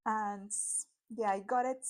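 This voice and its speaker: A chatty woman from Argentina talks through her tarot decks in English, with an Argentine Spanish accent and Spanish as her first language. She rambles through a casual vlog, dropping fillers and quick apologies along the way. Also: mid-range voice, fairly even intonation. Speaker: tarot YouTuber. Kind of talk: casual deck review vlog.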